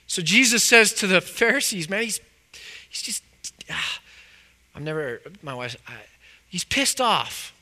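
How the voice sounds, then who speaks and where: A man's voice: high-pitched, big pitch swings, measured pace, pauses often, pushed and bright. A man preaching a sermon in a loose, conversational way, full of fillers and restarts. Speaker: pastor.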